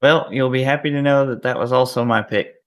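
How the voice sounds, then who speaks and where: A man co-hosting a movie podcast, briskly running through the list of categories. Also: medium pitch, steady tone. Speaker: podcast co-host. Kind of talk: casual film discussion.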